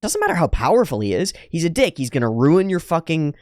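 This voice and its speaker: A man giving sarcastic, profane commentary on an anime. His pitch is very lively, and he is recorded on a close, dry mic. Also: quick pace, dry recording. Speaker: anime reaction host.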